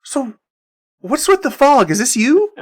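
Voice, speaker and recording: Man doing a small fey woman, prickly, very high-pitched, defensive. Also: big pitch swings, measured pace. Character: small touchy female fey creature, druid.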